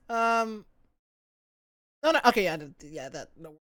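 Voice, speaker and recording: A woman's voice: a little high, big pitch swings, measured pace, pauses often, fairly bright tone. A woman from the United States streaming live, chatting casually with viewers in a rambling way, often cutting herself off mid-sentence.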